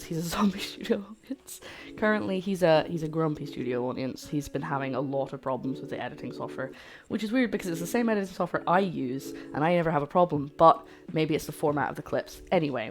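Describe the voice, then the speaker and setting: A woman's voice: sits low, darkish tone. A woman hosting a casual cooking livestream from her home kitchen, rambling cheerfully and answering her chat aloud. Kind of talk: casual live-stream chat while cooking.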